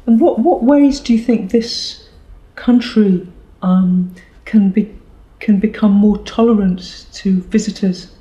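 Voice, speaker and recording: Woman interviewer, very dark warm tone, constant short acknowledgements, dull echoey recording. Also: mid-range voice, slow, few pauses.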